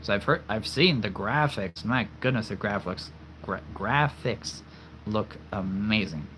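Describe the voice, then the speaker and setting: A man's voice: lowish voice, normal speed, a bit bright, a little hiss or hum. A man chatting casually on a livestream, answering viewers with frequent laughter while losing his voice. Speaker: livestream host.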